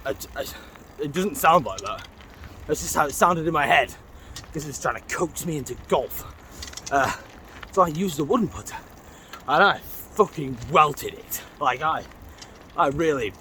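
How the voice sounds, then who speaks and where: A man's voice: a little high, bright, forceful tone, a little hiss or hum. Rambling man riding a bike. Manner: rambling, swearing, acts out voices in his anecdotes; greets passers-by mid-sentence. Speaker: vlogger. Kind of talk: casual storytelling while cycling. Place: outdoors on a canal towpath, riding a bike.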